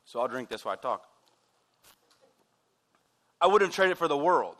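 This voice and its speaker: A man preaching a sermon in a church. He is excitable and wired, and he throws in joking asides. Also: fairly high pitch, moderate pace. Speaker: pastor.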